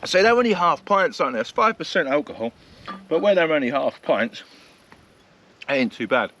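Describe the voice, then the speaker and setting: A man's voice: fairly high pitch, expressive, normal speed, a bit bright, highs cut off, slight background noise. A man chatting casually to camera while camping in the countryside, self-mocking and laughing often. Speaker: vlogger. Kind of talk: casual vlog chat to camera. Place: outdoors at a countryside campsite.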